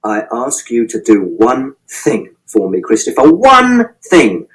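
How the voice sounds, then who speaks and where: Male reader doing an angry dad figure for an audiobook, pitched low, swearing, clipped and tense. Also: wildly swooping pitch, slow, low-quality recording. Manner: low, tight, swearing, fury building from a quiet start. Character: angry middle-aged father, stern and volatile. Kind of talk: audiobook character reading.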